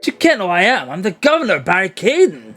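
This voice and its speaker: Dude doing a grumpy scottish prison boss, loud and blustery, voice all over the place. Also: male voice, high voice, huge pitch swings, a little fast, soft background music, pitched above the performer's own voice, full character voice. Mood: blustering. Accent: put-on Scottish. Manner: blustering, hostile. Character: gruff bigoted male Scottish prison governor.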